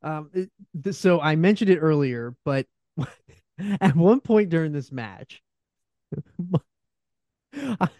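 A man's voice: on the high side, animated, slow pace, pauses often, darkish tone, no echo. A man co-hosting a wrestling podcast, enthusiastic and laughing often. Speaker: podcast co-host. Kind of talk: casual wrestling review chat.

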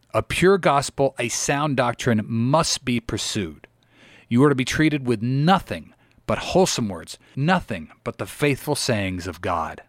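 A man's voice: mid-range voice, dry recording, clean studio sound. A man preaching a sermon in a solemn, exhorting manner with old-fashioned scriptural wording.

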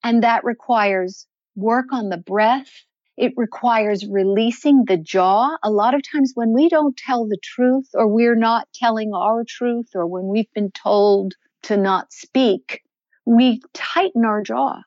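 A woman's voice: a little high, takes it slowly, no echo, highs cut off. An older woman, a voice coach, talks in a podcast interview and shifts her voice up and down to show what she means. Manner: expressive, demonstrates voices while explaining.

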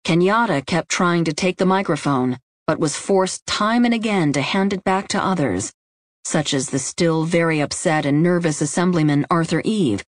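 Audiobook narrator, woman with a lowish voice, steady scripted delivery, dry booth sound. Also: dry recording.

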